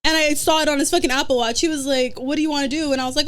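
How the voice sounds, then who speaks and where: A young adult woman, a podcast guest, telling dating stories in casual chat, animated and swearing freely. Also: sits high, very fast.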